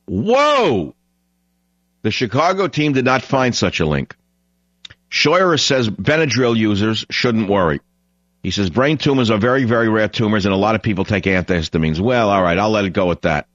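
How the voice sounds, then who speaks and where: A man's voice: fairly low pitch, brisk, fairly bright tone, no echo, dull audio. A man hosting a radio talk show, delivering a blunt, opinionated, rambling monologue.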